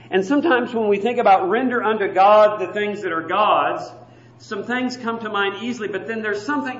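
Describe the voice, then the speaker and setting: Man, preacher, sermon, high voice, emphatic, muffled lo-fi sound. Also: a bit bright. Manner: emphatic, slows down to stress key phrases. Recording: dull lo-fi recording.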